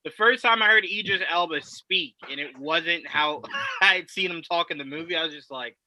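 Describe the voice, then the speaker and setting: A man's voice: on the high side, normal speed, sharp tone, a little hiss or hum, rough recording. A man on a podcast panel in casual chat, opinionated and emphatic.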